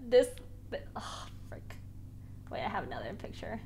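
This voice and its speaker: A young woman streaming, chatting casually and excitedly with viewers, gushing and giggly with lots of slang. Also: mid-range voice, normal speed, gravelly, in a whisper.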